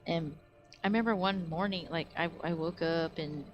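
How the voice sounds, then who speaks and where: A woman's voice: fairly low pitch, moderate pace, muffled recording, over music. A woman streamer casually telling stories to her live chat, rambling and full of fillers like "like", recorded on a webcam or desk mic at home. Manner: rambling, filler-heavy with frequent "like".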